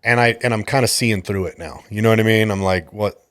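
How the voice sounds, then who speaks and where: A man's voice: on the low side, fast talker, fairly bright tone, no room sound, studio quality. A man hosting a podcast, a jiu-jitsu coach telling a story in a casual, exasperated and profane way.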